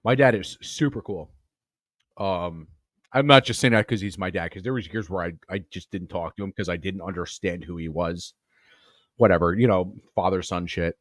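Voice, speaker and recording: A man's voice: deep voice, moderate pace, no echo, studio quality. A man from Long Island hosting a comedy podcast, telling rambling stories full of swearing. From Long Island, New York. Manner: rambling, profane storytelling. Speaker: podcast host. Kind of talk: casual comedy podcast commentary.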